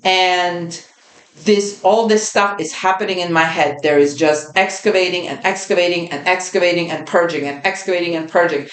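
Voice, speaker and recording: Lower-voiced woman telling her story, roomy echo. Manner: earnest, vivid retelling with repeated phrases. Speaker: podcast host. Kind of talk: personal storytelling.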